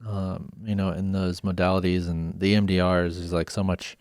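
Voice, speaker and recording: A man's voice: deep voice, flat delivery, normal speed, a little mellow, no room sound, studio quality. A male podcast host in a casual interview, affirming his guest and asking follow-up questions. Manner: affirming, with short agreeing interjections.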